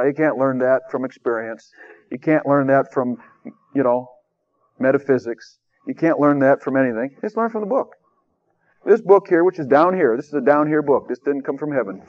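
A man preaching in a folksy, conversational and emphatic way, in a radio sermon. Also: on the high side. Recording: dull lo-fi radio recording.

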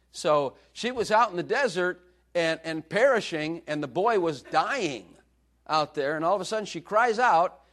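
Lively, joking male preacher. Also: a little high. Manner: joking, conversational, laughs often. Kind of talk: sermon.

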